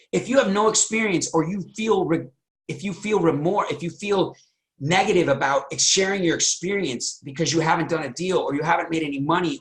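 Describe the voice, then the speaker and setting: A man coaching a group on a call, talking energetically with many restarts and acting out excited quotes. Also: a little high. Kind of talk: motivational coaching talk.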